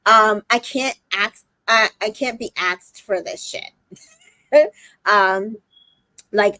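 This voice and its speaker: A woman hosting a casual recap chat, animated and profane, acting out quotes from the show. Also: medium pitch, slow, pauses often, dry recording, poor audio.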